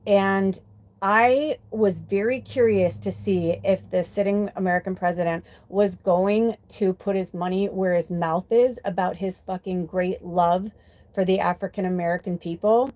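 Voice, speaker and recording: A woman hosting a spiritual live stream from home, speaking into a webcam mic. She talks in a loose, animated way, swearing freely and leaning on fillers. Her pitch sits in a middle range. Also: a little slow. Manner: animated and profane, many fillers, quotes voices in mock tones. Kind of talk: casual live stream chat with tarot reading.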